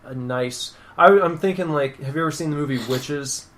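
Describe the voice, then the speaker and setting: A man's voice: fairly high pitch, a little fast, a crowd in the background. A man co-hosting a podcast, chatting in an easygoing, agreeable way. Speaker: podcast co-host. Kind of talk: casual chat.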